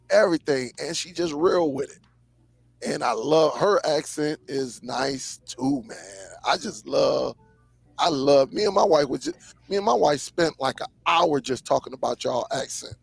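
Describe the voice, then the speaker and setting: Lively, gravelly-voiced man in casual chat. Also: a little high, dry recording. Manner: lively storyteller, drawn-out emphasis, frequent laughs. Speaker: host. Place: live stream.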